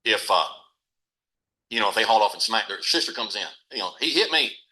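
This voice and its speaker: Man, middle-aged, podcast guest, folksy, quick talker, bright tone. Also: on the low side, steady tone, low-quality recording. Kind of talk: casual storytelling.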